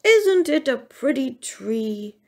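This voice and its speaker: A woman's voice: a little high, very animated, slow pace, gravelly, full character voice. A woman voicing a sleepy, good-natured papa bear in a read-aloud storybook. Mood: drowsy. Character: drowsy kindly papa bear.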